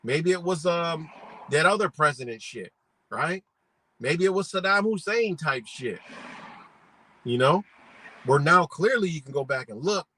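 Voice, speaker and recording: A man's voice: on the high side, expressive, a little slow, long pauses, sharp tone, poor audio. A man hosting a live stream, talking in a rambling, profane, slangy way and firing rhetorical questions at his viewers. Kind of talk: casual live-stream rant.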